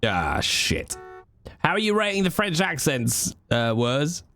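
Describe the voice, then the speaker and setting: A man's voice: on the high side, lively intonation, moderate pace, a bit bright. Chatty man streaming a game. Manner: chatty, rambling, jokey. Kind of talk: casual live-stream commentary.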